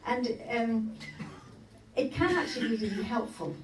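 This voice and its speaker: A woman's voice: fairly high pitch, lively intonation, measured pace. A woman co-leading a marriage course, talking informally to a group of couples, hesitant and full of fillers and restarts. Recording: roomy hall, distant mic, background noise.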